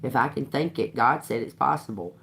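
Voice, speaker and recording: A woman's voice: a bass voice, brisk, vocal fry, background noise. Emphatic woman giving a casual tarot reading. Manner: emphatic, laughs often, swears casually; repeats phrases for emphasis. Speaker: tarot reader.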